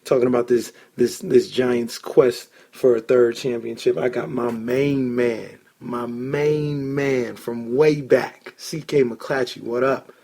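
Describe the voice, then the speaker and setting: A man hosting a casual sports podcast, an excitable storyteller who swears when he gets worked up. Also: mid-range voice, slow, vocal fry, few pauses. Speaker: podcast host.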